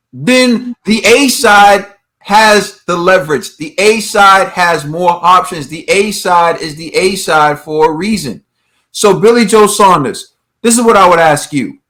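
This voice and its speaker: Ranting emphatically on a boxing talk show he co-hosts, a man keeps asking rhetorical questions. He speaks unhurriedly in a high, fairly bright voice with lively intonation.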